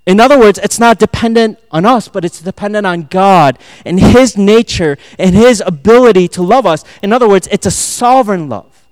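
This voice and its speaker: Man preaching with loud-soft swings. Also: sits high, moderate pace, no room sound, studio quality. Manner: swings from loud emphatic preaching to soft near-whispered asides; quotes and acts out lines, laughs at himself. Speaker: pastor. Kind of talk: sermon.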